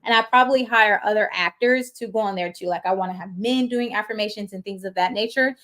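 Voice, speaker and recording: A woman's voice: mid-range voice, fast, fairly bright tone. A woman chatting casually on her livestream, slangy and full of fillers, talking straight to her viewers. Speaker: YouTuber hosting a livestream.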